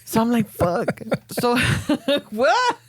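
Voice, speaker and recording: A woman, co-hosting a podcast and telling animated, profane stories that mix English and Spanish. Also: fairly high pitch, very slow, husky, dry recording. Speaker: podcast co-host. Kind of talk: casual chat.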